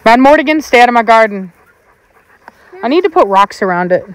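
Woman chatting w/ her dogs outside, kinda high voice, scolds them playful but firm. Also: animated, a little fast. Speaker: dog breeder and channel host. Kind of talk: casual chat while watching dogs. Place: outdoors in a yard.

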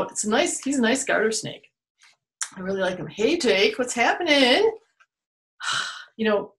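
A woman hosting a children's storytime for an online video, playful and full of exaggerated exclamations. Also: a little high. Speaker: children's museum storytime host. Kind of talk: children's storytime, told to camera. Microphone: video recorded for online viewing.

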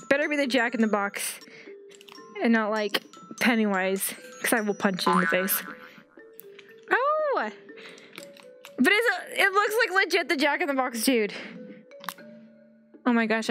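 A woman's voice: high-pitched, a bit bright. A young woman hosting a let's-play video, giving giddy, chatty commentary that breaks into squeals. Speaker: gaming video host.

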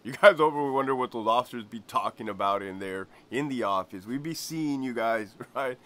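A man's voice: mid-range voice, moderate pace, fairly bright tone. A man who used to be a prison officer telling a story casually, slangy and profane, laughing often.

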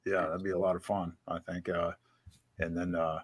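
A man chatting casually as a guest, who stammers and lets his sentences fade out quietly. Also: low-pitched, flat delivery, moderate pace, husky. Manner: stammering, trails off quietly at phrase ends. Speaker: guest on a livestream. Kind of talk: casual chat. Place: at home.

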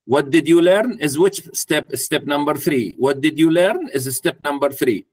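A man's voice: on the high side, measured pace, a little mellow, slight background noise. A man speaking to a live audience at a mentoring workshop, putting questions to the room and acting out a parent talking to a child. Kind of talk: interactive workshop talk.

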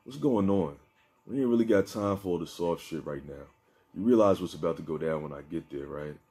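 A man's voice: deep voice, animated, brisk, warm tone, breathy edge, exaggerated voice. Curt impatient robber man, read by a narrator. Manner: curt, dismissive street slang.

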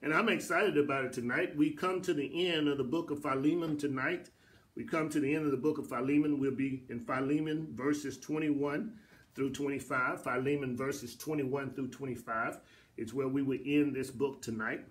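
A middle-aged pastor teaching a Bible study in a church, with a repetitive preacherly cadence that builds to emphatic peaks. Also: male voice, medium pitch. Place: church sanctuary.

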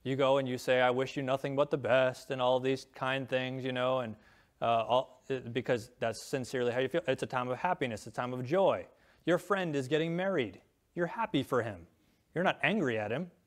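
A middle-aged pastor preaches a sermon in earnest, reading scripture aloud and raising his voice on key lines. His voice sits in the mid range, and he speaks a little fast.

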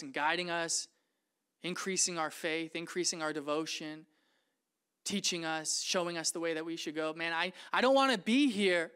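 A man voicing an imprisoned apostle who speaks in a laid-back, chatty way that turns quiet and earnest. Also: on the high side, smooth. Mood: tender. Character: weary, steadfast male apostle in prison.

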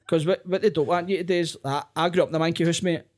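A young Glaswegian man, a comedian guest on a podcast, telling rapid, sweary anecdotes and often breaking into laughter. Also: on the high side, steady tone. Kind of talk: casual podcast chat.

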